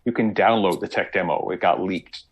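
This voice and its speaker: A man talking as a guest on a casual podcast, telling lively stories and acting out quotes. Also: low voice, a little fast, slightly rough, poor audio. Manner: animated storyteller, acts out quotes. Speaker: guest game designer.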